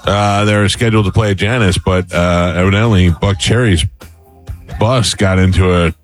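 A man's voice: low-pitched, steady tone, normal speed, soft background music. A man hosting a morning radio show, bantering casually with his co-hosts, teasing and loose with plenty of fillers.

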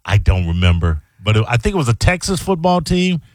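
A man's voice: mid-range voice, big pitch swings, fairly quick, a little mellow, dry recording, studio quality. A man co-hosting a talk radio show, easygoing and often laughing. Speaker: co-host. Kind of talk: casual talk radio chat. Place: radio studio.

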